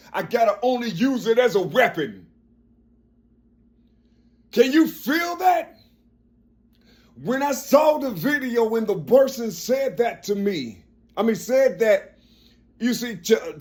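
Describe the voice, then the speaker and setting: With a high-pitched but forceful, strong tone, a man in his fifties delivers a rambling personal monologue. Phrases recur as he works to find his words.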